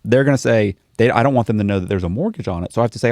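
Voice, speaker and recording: A man with a low, gravelly voice tells his story in a relaxed interview. He animates it by doing the voices of the people in it. The sound is close and dry, with no room around it. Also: very fast, dry recording. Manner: animated storyteller, acts out quoted dialogue. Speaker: interview guest.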